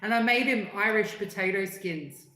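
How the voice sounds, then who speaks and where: A woman's voice: mid-range voice, moderate pace, bright, forceful tone, reverberant, poor audio. A woman hosting a livestream, chatting casually and reading out viewer comments in a rambling, filler-heavy way. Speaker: livestream host.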